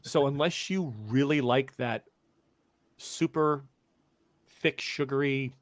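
A man's voice: mid-range voice, fairly even intonation, slow pace, no room sound. A man narrating as game master, playful and rambling, often laughing.

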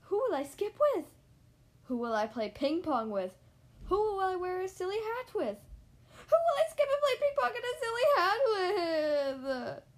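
Woman doing a clingy cartoon elephant, high, sliding, wailing, pleading, storybook voice. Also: sing-song, a little slow, exaggerated voice. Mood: distraught wailing. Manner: wailing, pleading, overwrought outbursts. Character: anxious, clingy, dramatic male elephant friend. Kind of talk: children's storybook read-aloud.

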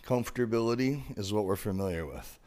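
A man's voice: on the low side, fairly quick, darkish tone. A man in his forties hosting a podcast, giving an emotional, confessional monologue about his past that builds to intense emphasis. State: emotional, broken up. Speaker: podcast host.

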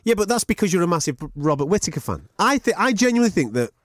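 Co-host, man, rapid and lively, argumentative interjections, dry sound. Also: high-pitched, no room sound. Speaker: podcast co-host. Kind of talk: casual chat.

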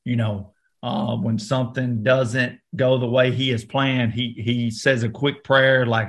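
A man with a Southern American accent, an actor talking as a podcast guest, relaxed and loose, full of fillers and restarts. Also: mid-range voice, a little slow. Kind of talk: interview, casual talk.

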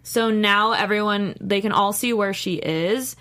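A woman's voice: mid-range voice, unhurried, bright, forceful tone. A woman co-hosting a casual podcast, thoughtfully sharing her interpretation. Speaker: podcast co-host. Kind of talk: casual discussion of a TV show.

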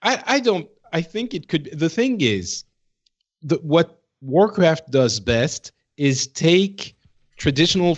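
A man's voice: mid-range voice, dull audio. A man co-hosting a gaming podcast, thinking aloud in a hesitant, searching way. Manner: thoughtful, hesitant, many restarts. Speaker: podcast co-host. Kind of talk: casual chat.

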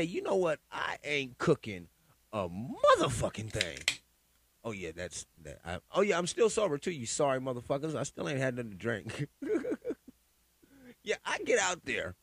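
A man hosting a solo podcast in a profane, animated rant, pleading and stammering through restarts. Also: fairly high pitch, moderate pace, vocal fry, slightly rough, no room sound. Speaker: podcast host. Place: home in Sacramento.

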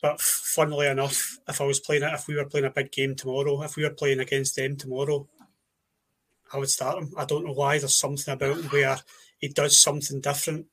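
A man with a Scottish accent, co-hosting a casual football podcast and speaking in a wry, steady way. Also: mid-range voice, fairly quick. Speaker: podcast co-host.

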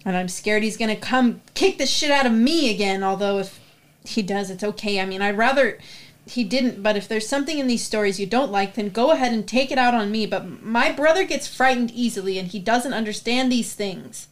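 A woman's voice: a little high, fairly quick, natural voice. A woman playing a nervous young male writer in a stage play reading, pleading and defensive. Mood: scared pleading.

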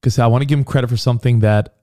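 A man's voice: medium pitch, steady tone, racing, dark tone. Male podcast co-host, casual rambler, mid-range voice, loose storyteller. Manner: rambling storyteller with many fillers and restarts. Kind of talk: casual chat.

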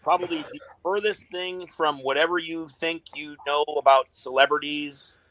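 A man's voice: a little high, steady tone, moderate pace, fairly bright tone, poor audio. A middle-aged man talking casually as a podcast guest, swearing constantly and rambling through his stories in a laid-back way. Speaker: guest, tattoo artist.

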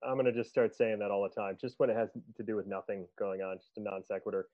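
A man's voice: lowish voice, quick pace, no echo, muffled recording. A man hosting a casual podcast chat, retelling movie scenes with frequent laughter and plenty of swearing. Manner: laughs often, swears freely, animated retelling. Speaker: podcast host.

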